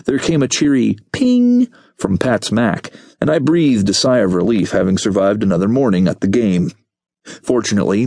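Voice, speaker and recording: A man's voice: on the low side, darkish tone, slightly rough, no room sound. A man reading a novel aloud in scripted first-person narration, with a wry, laid-back storytelling manner, on a studio microphone. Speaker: audiobook narrator.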